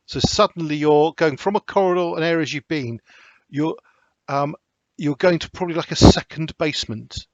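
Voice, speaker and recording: Man, game master, halting delivery full of ums, dry close sound, slightly dull lo-fi audio. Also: a little high, dry recording. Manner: hesitant, many ums and restarts. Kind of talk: narrating a tabletop horror game.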